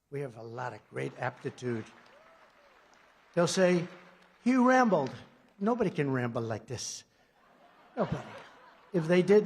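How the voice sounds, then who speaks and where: A man in his seventies from the United States, his voice pitched fairly high with a gravelly, creaky edge. He talks off-script in a rambling, sarcastic rally style, swinging from loud emphatic lines to murmured asides. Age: 70s. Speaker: political speaker at a conference. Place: large conference hall before an audience.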